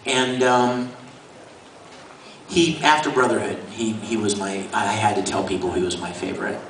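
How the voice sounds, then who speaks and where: Here the man's voice sits fairly low, with a fairly bright tone and normal speed, as he animatedly tells stories to a convention panel audience, laughing often as a guest voice actor. A handheld camera in the crowd captured it from far off in a noisy, echoey hall.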